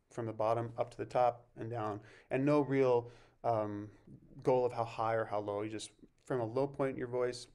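A man teaching a vocal masterclass, explaining warm-ups and breathing in a relaxed way and breaking off to sing short examples. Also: medium pitch. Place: music camp masterclass recording.

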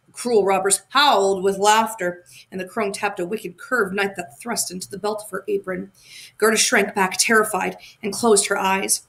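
A woman narrating a fairy tale aloud, expressive and sometimes correcting her own slips. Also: medium pitch, normal speed, creaky. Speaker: audiobook narrator. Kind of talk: storybook reading.

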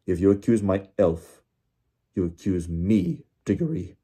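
A man's voice: sits low, moderate pace, warm tone, slightly rough. A man voicing a cold, stern senior ministry official with clipped, icy anger. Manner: clipped, icily angry.

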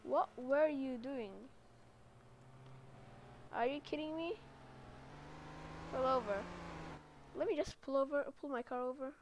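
A woman's voice: high-pitched, slow, long pauses, lo-fi sound. A woman giving casual gameplay commentary as a gaming YouTuber, chatty and reading internet slang aloud. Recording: loud game car-engine noise behind.

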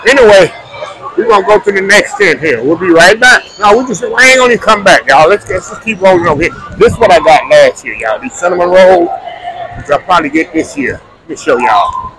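A man's voice: high-pitched, very animated, brisk. A man giving casual walking vlog narration at outdoor food tents, talking straight to viewers as y'all. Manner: chatty, addresses viewers as y'all. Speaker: food vlogger. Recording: busy crowd noise around.

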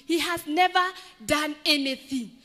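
A woman plays a male beggar turned farmer, stubborn and self-righteous as he refuses to share his harvest. The voice sits high and bright, and it rings through a long church reverb. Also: measured pace. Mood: defiant. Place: large echoey church. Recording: echoey church hall.

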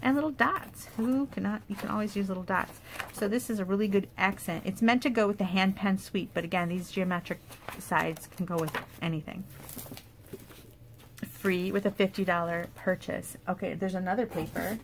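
A woman's voice: medium pitch, normal speed, slight background noise. Chatty woman showing craft supplies. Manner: chatty, enthusiastic, with fillers and asides. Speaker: paper craft demonstrator. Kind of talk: casual product show-and-tell.

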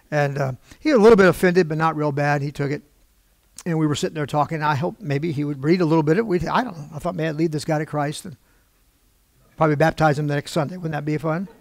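A man's voice: fairly high pitch, gravelly, no room sound. A male pastor preaching from the pulpit, telling a story in a conversational way and acting out the dialogue. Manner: conversational, acts out quoted dialogue. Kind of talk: storytelling sermon. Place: church pulpit.

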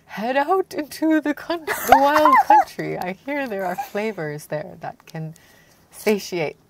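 A woman mimicking a pompous old British king from a video game. He speaks with slow, drawn-out, stately grandeur. The voice sits fairly high and swings widely in pitch. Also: big pitch swings, very noisy, heavily acted.

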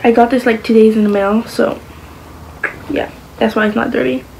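Chatty rambling vlogger girl, higher voice. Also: fairly even intonation, normal speed, creaky, a little mellow, a little hiss or hum, rough recording. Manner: rambling, with many fillers like "like" and "um". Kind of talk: casual chat to camera.

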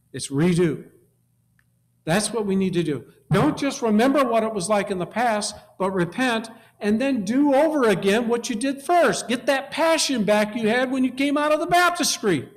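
A man preaching a sermon, emphatic, repeating key words and swinging from quiet low passages to loud exhortation.

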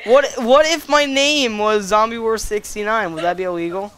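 A woman's voice: medium pitch, normal speed, fairly bright tone. Goofy young woman gaming with music behind. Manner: goofy, joking, breaks into silly meowing. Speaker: gaming channel host. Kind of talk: casual game commentary.

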